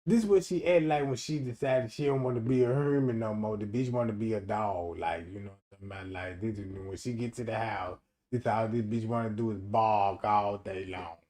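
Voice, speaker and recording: A man doing a loud comedic livestream rant, animated and profane, laughing often and acting out quotes in different voices. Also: lowish voice, a little fast. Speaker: streamer.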